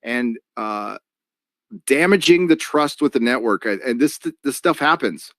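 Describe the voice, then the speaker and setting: A man's voice: mid-range voice, expressive, measured pace, fairly bright tone, no room sound, clean studio sound. A man hosting a live stream, reading donations and ranting in a casual way with many fillers and restarts.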